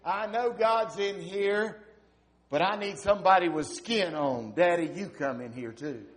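A man voicing a frightened little boy who calls out for his father in the dark during a thunderstorm. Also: high-pitched, a little slow, voice pushed up. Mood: scared, pleading. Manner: pleading, raised and loud.

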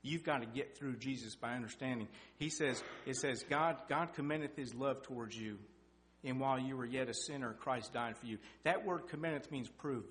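Middle-aged male lay preacher, mid-range pitch, folksy and animated delivery, recorded in an echoey hall. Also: normal speed. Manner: folksy, animated, climbs in pitch and loudness for emphasis. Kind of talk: sermon with personal testimony. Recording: echoey hall with faint hum.

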